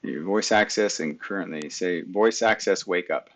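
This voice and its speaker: A man's voice: low-pitched, moderate pace, fairly bright tone. A middle-aged man hosting a live stream, talking casually through his screen and muttering back at his computer, recorded on a webcam mic. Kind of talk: casual screen-share talk.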